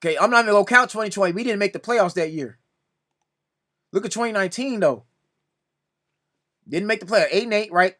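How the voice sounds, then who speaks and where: High, bright-voiced exasperated man. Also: brisk, long pauses. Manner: exasperated, repeatedly pleading "come on now"; addresses another commentator directly. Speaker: sports reaction video host. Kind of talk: casual reaction commentary.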